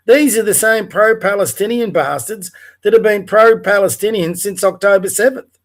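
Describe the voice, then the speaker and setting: A man's voice: high voice, moderate pace. An Australian man hosting a livestream, delivering an angry, profane political rant with blunt rhetorical questions. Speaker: livestream host. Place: home, in front of a TV.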